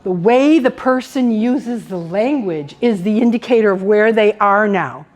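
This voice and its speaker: A woman's voice: mid-range voice, unhurried. A woman teaching a dementia care workshop, telling stories, acting out quotes and laughing often. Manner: animated storyteller, acts out quotes, laughs often. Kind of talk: workshop presentation. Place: indoor workshop room.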